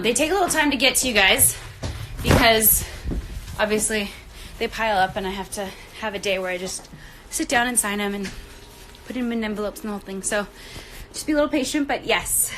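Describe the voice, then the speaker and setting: A woman's voice: a little high, brisk, a bit bright, a little hiss or hum, poor audio. A woman hosting a casual livestream outdoors by the trailers on a film set, out of breath, bubbly and rambling, talking into a phone held at arm's length. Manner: bubbly, rambling, laughs often.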